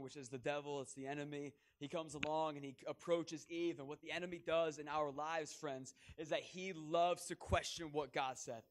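Male pastor, lively, jokey, fairly high voice. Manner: joking, self-mocking, lively. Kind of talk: sermon.

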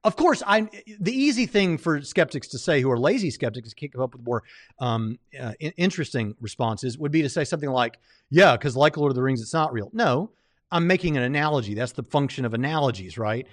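A man's voice: medium pitch, animated, fairly quick, no room sound, clean studio sound. A man hosting a livestream, commenting casually on a debate, rambling with lots of fillers and restarts. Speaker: livestream host reviewing a debate.

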